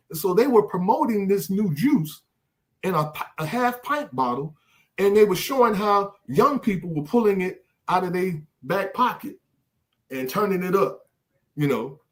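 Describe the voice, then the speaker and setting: An older man hosts a casual podcast discussion, with a voice pitched a bit high and a lively, swinging delivery. He often stumbles into repeated words as he reaches for his next thought. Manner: animated, repeats words when searching for a thought. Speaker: podcast host.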